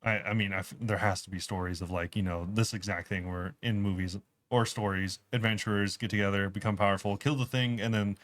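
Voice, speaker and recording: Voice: deep voice, fairly even intonation, brisk, fairly bright tone, dry recording. Laid-back, dryly teasing podcast co-host. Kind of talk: casual chat.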